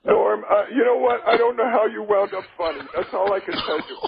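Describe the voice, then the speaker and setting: Brash high-voiced man on a phone line. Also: a little fast, vocal fry. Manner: brash, boisterous joke-telling. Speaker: comedian guest on the phone. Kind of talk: comedy radio banter.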